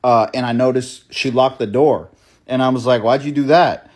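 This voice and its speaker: A man's voice: mid-range voice, fairly even intonation, a little mellow. A young man telling a story in a casual, profane way, often asking "right?" and calling the listener "bro". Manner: fast, breathless storytelling with many restarts. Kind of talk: storytime monologue.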